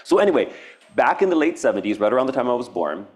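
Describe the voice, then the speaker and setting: This Hawaiian man talks fast at a medium pitch, his voice swinging widely up and down. His public artist talk at a university event space is earnest and reflective, wandering from thought to thought with many restarts and laughs.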